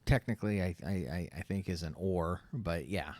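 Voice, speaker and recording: A man's voice: deep voice, normal speed, a little mellow. A man co-hosting a podcast in casual chat, hesitant and stammering, mostly agreeing. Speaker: podcast co-host.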